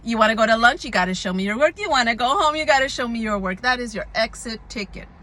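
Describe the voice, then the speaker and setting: A middle-aged woman who works as a substitute teacher, giving casual classroom advice in an animated way and often checking in with "right?". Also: on the high side, fast talker.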